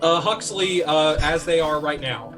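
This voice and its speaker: A man playing a tabletop game, speaking haltingly with many pauses. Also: on the high side, over music. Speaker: player. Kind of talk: casual tabletop game play.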